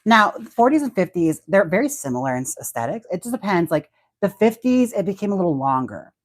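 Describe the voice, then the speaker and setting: A man's voice: high voice, sing-song, fairly quick, no echo. A man hosting a casual livestream, chatty and giggly as he talks about wigs and reads out viewer comments. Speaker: livestream host and wig stylist.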